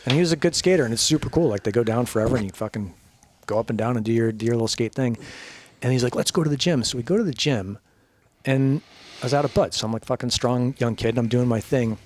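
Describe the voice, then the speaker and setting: A man's voice: mid-range voice, fast, darkish tone, slight background noise. Profane, laughing man telling stories. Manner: profane, laughs often, acts out quoted voices. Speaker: podcast guest. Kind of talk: casual storytelling.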